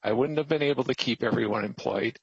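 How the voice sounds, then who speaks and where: A man with a gravelly, husky voice makes an emphatic, pleading case before a committee. The sound is dry and muffled, like a lo-fi hearing feed. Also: mid-range voice, fast, no echo. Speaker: testifier, business owner. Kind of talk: formal public testimony.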